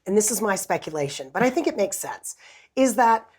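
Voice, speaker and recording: A woman's voice: medium pitch, big pitch swings, a little fast, slightly rough. Woman co-host, emphatic, earnest, political talk show chat.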